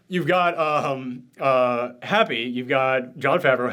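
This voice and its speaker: A man's voice: mid-range voice, takes it slowly, bright, forceful tone. A man hosting a spoiler discussion, emotional and choked up, gushing and swearing freely as he talks. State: tearful, choked up. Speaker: host.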